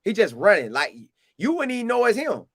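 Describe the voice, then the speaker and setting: Casting note: animated Southern storyteller, a man with a high voice, recorded dry and close. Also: brisk, slightly rough, dry recording. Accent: Southern US, Florida. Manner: animated, acts out quotes in a higher voice. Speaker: storyteller recounting a game visit. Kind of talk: casual storytelling.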